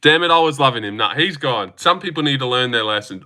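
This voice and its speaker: A man's voice: mid-range voice, lively intonation, quick pace, pushed and bright. A man streaming live, reading chat comments aloud and answering them in profane, heated rants.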